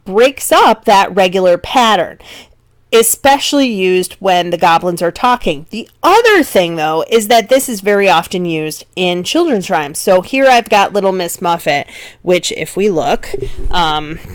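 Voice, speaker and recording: A woman's voice: fairly low pitch, no echo. A woman teaching a recorded lecture, conversational and full of ums and restarts.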